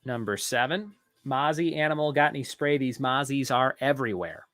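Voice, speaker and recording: A man hosting a live trivia show, reading each question slowly and repeating it, with joking asides between. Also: medium pitch, a bit bright, no room sound, faint music behind. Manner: reads each question slowly twice, jokes and rambles between. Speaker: trivia host.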